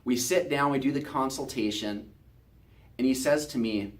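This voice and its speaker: A chiropractor telling a patient's story in a promotional video, talking in an earnest, conversational way. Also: male voice, mid-range voice, moderate pace.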